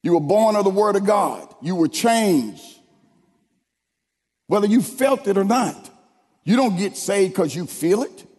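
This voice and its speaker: A man preaching a sermon, leading the congregation in call-and-response and building to shouted lines. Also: high voice, animated, unhurried, long pauses. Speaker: pastor. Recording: long hall reverb.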